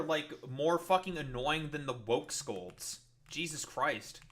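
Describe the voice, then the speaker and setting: A man's voice: medium pitch, sharp tone. A male streamer ranting at his chat in a profane, sarcastic, exasperated way. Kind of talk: heated livestream rant at chat.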